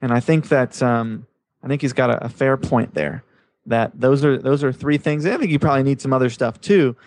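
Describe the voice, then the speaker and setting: A man's voice: mid-range voice, normal speed, a little mellow, no echo. Easygoing podcast co-host man. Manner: easygoing, upbeat, says man and dude. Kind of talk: casual podcast chat.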